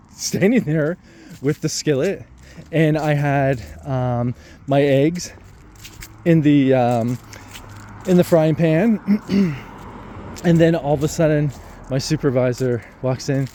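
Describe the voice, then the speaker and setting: A man vlogging, telling a personal story in a reflective, hesitant way with many pauses and restarts. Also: on the high side, dark tone, slight background noise.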